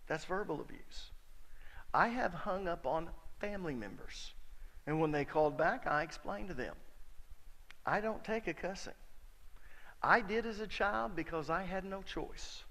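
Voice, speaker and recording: A middle-aged pastor preaching in a church hall, telling a story with folksy, emphatic delivery. His voice sits a little high for a man and has a gravelly edge. A long reverb trails each phrase. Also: fairly bright tone. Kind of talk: sermon with a personal story.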